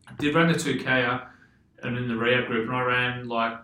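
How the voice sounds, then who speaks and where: A man's voice: mid-range voice, steady tone, a little fast, pushed and bright, reverberant, rough recording. A man with an Australian accent telling loose, rambling stories in casual chat, swearing freely and laughing often. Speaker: podcast guest, former footballer.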